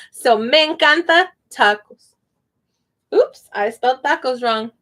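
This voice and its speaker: A woman in her thirties teaching a live online Spanish lesson, animated and laughing often as she slowly demonstrates sounds. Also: sits high.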